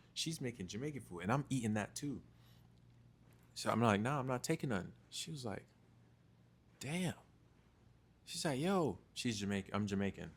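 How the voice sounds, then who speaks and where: A young man telling a casual, slangy story about his fitness journey to camera, repeating phrases for rhythm. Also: on the low side. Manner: slangy, repetitive, animated storytelling. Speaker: fitness vlogger.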